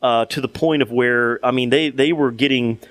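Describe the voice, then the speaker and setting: A man's voice: mid-range voice, steady tone, normal speed, a bit bright, no room sound. A young man co-hosting a podcast, telling a long story in casual chat with many restarts and fillers. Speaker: podcast co-host.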